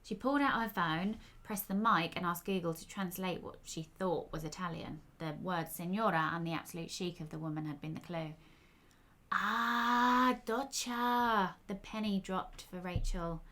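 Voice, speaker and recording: A woman's voice: on the low side, normal speed, hardly any pauses, fairly bright tone. A woman storyteller reading her own fiction aloud in a wry, conversational way.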